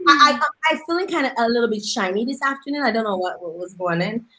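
A woman's voice: a little high, animated, brisk, low-quality recording. Chatty woman hosting a live stream. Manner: chatty, repeats phrases, shout-outs to viewers. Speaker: host of a live streamed music talk show.

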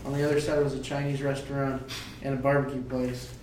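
A man telling a relaxed anecdote in casual chat among tabletop game players. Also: medium pitch, fast talker, recorded from a distance. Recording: echoey room, off-mic, faint noise.

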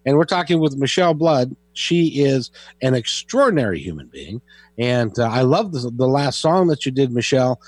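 Lively man hosting a call-in radio show. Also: mid-range voice, moderate pace, dry recording, soft background music. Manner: lively, chatty, plugs the phone line.

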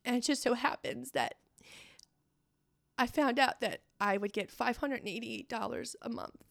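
Middle-aged woman guest, gravelly mid-pitched voice, dry close sound; halting, emotional personal story. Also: lively intonation, no echo. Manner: halting, tearful storytelling with many fillers. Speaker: guest sharing her testimony.

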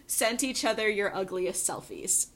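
Giggly woman with lively pitch. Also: unhurried. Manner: giggly, lots of ums and laughs. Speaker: podcast co-host. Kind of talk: casual chat.

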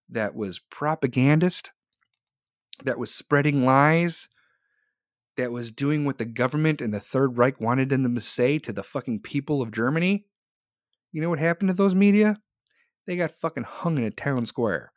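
A man's voice: medium pitch, moderate pace, no echo, studio quality. A man in his forties hosting a live podcast, ranting angrily and bluntly with heavy swearing while reading chat. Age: 40s. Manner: angry, profane, blunt. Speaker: podcast host.

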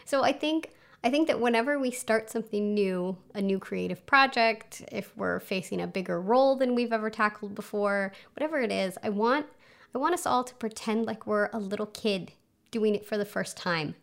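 A woman's voice: mid-range voice, normal speed, gravelly. A woman hosting a casual solo podcast from home, chatty and self-mocking, with lots of fillers. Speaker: podcast host. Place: home under a flight path, planes overhead.

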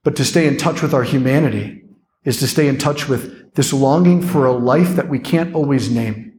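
A young adult man, a priest, giving an animated, conversational keynote with playful asides. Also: mid-range voice, normal speed. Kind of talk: keynote talk.

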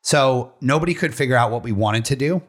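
A man from Pennsylvania co-hosting a casual podcast, slightly hoarse, talking loosely with lots of fillers and swearing. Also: mid-range voice, a little fast. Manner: loose, chatty, full of fillers and profanity. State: hoarse after a weekend party. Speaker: podcast co-host.

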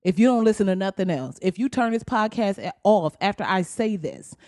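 A woman hosts her own podcast, ranting in a blunt and heavily profane way. Her voice sits at an ordinary middle pitch. It is recorded close and dry, with no room sound. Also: big pitch swings, fairly quick, darkish tone, no echo. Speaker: podcast host. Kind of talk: solo podcast rant.

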